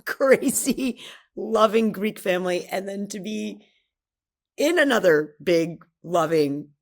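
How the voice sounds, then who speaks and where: A woman podcast guest, a mentor, chatting casually and telling stories with animated energy. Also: medium pitch, slow pace. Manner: animated storytelling, chiming in. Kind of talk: casual conversation.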